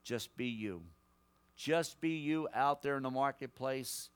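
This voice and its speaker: Male guest preacher, prophetic sermon, mid-pitched voice, surges loud then drops to a hush, calls folks son and daughter. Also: a little slow, clean tone. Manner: emphatic, swings between loud exhortation and hushed personal words; addresses listeners directly as son, daughter, brother.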